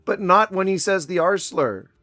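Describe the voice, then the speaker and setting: A man's voice: sits high, animated, moderate pace, bright, forceful tone, dry recording, faint music behind. A man giving casual reaction commentary in a sarcastic, rambling, mocking manner.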